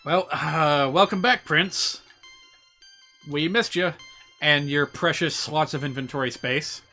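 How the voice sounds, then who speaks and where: A man commentating his game stream in a loose, chatty ramble, quick to get worked up over small discoveries. His voice is bright and fairly high, with faint music underneath. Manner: excitable, rambling, chatty asides. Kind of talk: casual gaming commentary.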